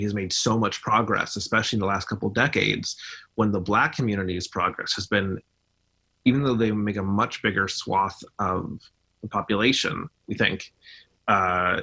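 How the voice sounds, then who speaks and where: Husky low-voiced man explaining earnestly. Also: bright, forceful tone. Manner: earnest, explaining, with repeated restarts. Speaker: podcast guest. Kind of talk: casual conversational chat.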